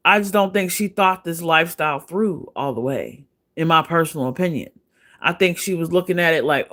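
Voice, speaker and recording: A woman's voice: lowish voice, a little fast, a bit bright. A woman hosting a livestream, giving casual gossip commentary in a blunt, profane, chatty way and laughing often. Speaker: livestream host.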